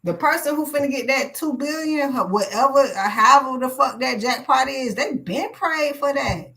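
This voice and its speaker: A woman's voice: high-pitched, normal speed, bright, forceful tone, poor audio. Blunt, profane woman tarot reader. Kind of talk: live tarot reading.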